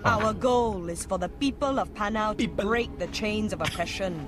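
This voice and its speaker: An actress voicing a proud female rebel leader in a video game, speaking slowly and declaiming with an exaggerated accent. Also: mid-range voice, natural voice. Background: game music.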